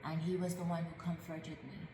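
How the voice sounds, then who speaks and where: A woman's voice: sits low, level tone, normal speed, roomy sound, big-room sound, background noise. A woman earnestly recounting her own life story, reflective and emotional. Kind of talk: personal life story narration.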